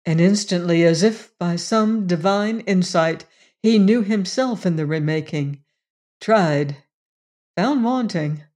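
A woman narrating a novel as an audiobook reader, in a measured, expressive reading. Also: fairly low pitch. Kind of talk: scripted narration.

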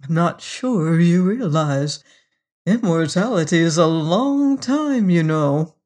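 A fussy male devil haggles over a soul, voiced lightly by a storybook narrator. He sounds hesitant and peevish, and his lines are slow and careful. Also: mid-range voice, expressive, a little mellow. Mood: fussy, uneasy. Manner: hesitant, then brisk and peevish. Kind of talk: storybook reading.

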